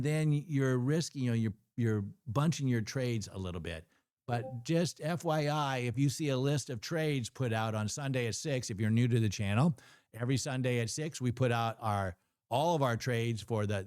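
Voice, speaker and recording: Excitable man hosting a trading livestream. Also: mid-range voice, no echo, clean studio sound. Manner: excitable, talks to the screen. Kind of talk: live-streamed trading talk.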